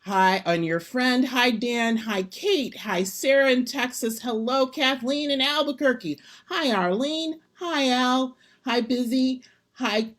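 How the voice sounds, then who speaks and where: A cheerful woman hosts an online singing show and greets a long stream of viewers one after another. Her voice sits a little high for a woman. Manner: cheerful, rattling off names. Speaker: host.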